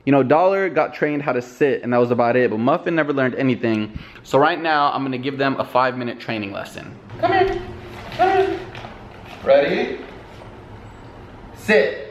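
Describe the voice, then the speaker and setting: A young man chatting casually in a vlog at home, playful and laughing easily. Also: quick pace. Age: young adult. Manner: playful, laughs often, coaxing high voice with his dogs. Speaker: vlogger. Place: at home, later in a car.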